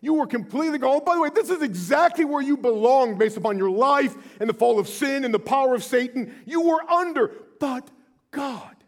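High-voiced preaching man, loud to hushed. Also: lively intonation, brisk, few pauses. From Southern California. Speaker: pastor. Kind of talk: sermon.

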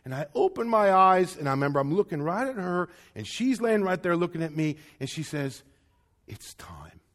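Earnest high-voiced male preacher. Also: lively intonation, fairly quick, a bit bright. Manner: earnest, repetitive, drops to near whisper. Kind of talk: sermon.

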